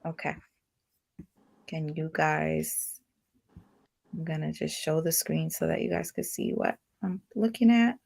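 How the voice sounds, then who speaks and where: A woman hosting an online panel discussion, asking probing questions in halting, repeated starts. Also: low voice, fairly even intonation, creaky, darkish tone. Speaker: panel host.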